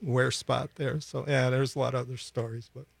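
A man with a gravelly, creaky edge in his voice talks loosely into a studio mic, padding his stories with "uh" and easy laughter. The sound is close and dry, with no room around it. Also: mid-range voice, level tone, brisk, no room sound. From Milwaukee, USA. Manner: chatty storyteller, laughs often, many fillers. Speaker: bass player guest. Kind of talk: casual radio interview chat. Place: radio studio. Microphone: studio microphone.

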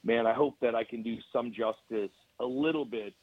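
A man's voice: mid-range voice, normal speed, no echo, phone-quality sound. A man from Southern Ontario with a Canadian accent, chatting casually as a radio guest.

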